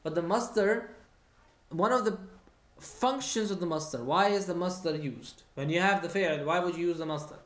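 A patient teacher leads an online grammar class at a middle pitch. The delivery checks in often and repeats key points. The voice carries a clear echo from the room. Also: moderate pace, a bit bright. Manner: patient, checks understanding with frequent "hmm?" and repeats key phrases. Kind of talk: online Arabic grammar lesson, reading student comments. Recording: roomy echo.

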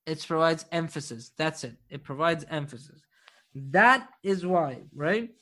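High, bright-voiced male grammar teacher. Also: expressive. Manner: patient, quizzing students with frequent checks and praise; slows down to dictate key terms. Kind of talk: classroom grammar lesson.

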